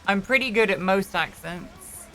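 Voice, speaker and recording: A woman's voice: medium pitch, lively intonation, slow pace, pushed and bright, soft background music. A woman streamer chatting casually while roleplaying, rambling with many restarts and the odd swear. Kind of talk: casual chat.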